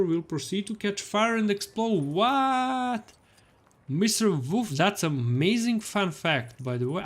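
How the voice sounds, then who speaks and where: A young man streaming a video game live, cheerfully greeting viewers and reading the chat aloud, laughing often. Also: on the high side.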